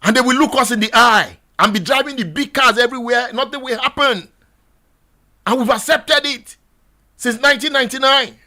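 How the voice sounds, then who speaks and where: Fiery high-voiced Nigerian radio host. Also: male voice. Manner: exhorting, repetitive, rising to shouts. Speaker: radio talk show host. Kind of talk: impassioned radio monologue. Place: radio studio.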